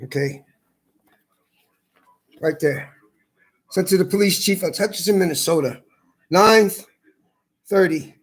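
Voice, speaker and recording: A man's voice: high voice, slow pace, pauses often. An older man ranting angrily to the camera, heated and profane, repeating himself as he tells it. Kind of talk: angry rant to camera.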